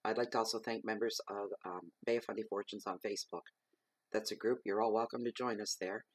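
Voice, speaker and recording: A man with a fairly low voice delivers a weekly tarot reading as an earnest monologue. He presses his points through repetition and emphatic advice, with a cough. The sound is dry and close, with no room around it. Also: steady tone, a little fast, dry recording. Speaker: tarot reader.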